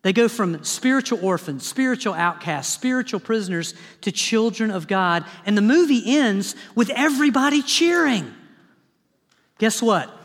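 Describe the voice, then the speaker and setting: A man, a pastor, preaching a sermon in an animated, dramatic style with humorous asides, recorded in a church sanctuary. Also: high-pitched, normal speed, long reverb tail.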